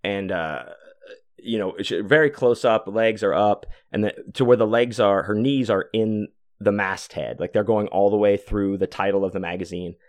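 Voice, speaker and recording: Man in his forties, podcast host, low voice, dry close sound, rambling and profane storyteller. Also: normal speed, a little mellow, no echo. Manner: rambling, profane, many fillers. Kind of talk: casual storytelling monologue.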